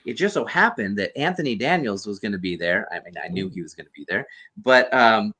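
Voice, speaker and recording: A man's voice: on the low side, expressive, a little fast, bright, forceful tone. A man, a guest actor and costume performer, earnestly telling a rambling story over a video call. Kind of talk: casual storytelling interview.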